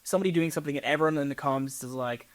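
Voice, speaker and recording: Fast and chatty, this young American man talks in a quick, relaxed interview voice. He tells stories with bounce, slipping into the voices of people he quotes. He sounds like a casual guest in a conversation. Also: a little high. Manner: animated storytelling, acts out quoted people. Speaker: content creator guest.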